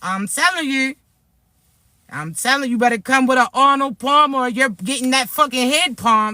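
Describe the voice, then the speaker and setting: Forceful, profane woman spiritual reader. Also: high-pitched, moderate pace, no room sound. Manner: blunt, profane, fired-up warnings; talks hard and streetwise. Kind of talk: direct-to-camera spiritual vlog.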